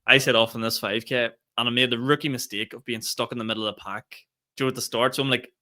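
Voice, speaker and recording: A young man with a Northern Irish accent tells a rambling, animated story in a casual podcast chat, swearing freely along the way. His voice is bright and sharp-edged, pitched around the middle for a man. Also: fast talker. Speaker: podcast co-host.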